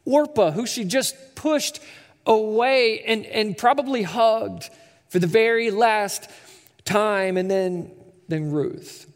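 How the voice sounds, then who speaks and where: A man's voice: high-pitched, slow. A man in his thirties preaching a sermon as a pastor, conversational and storytelling, with stammering repeats. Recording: echoey hall reverb.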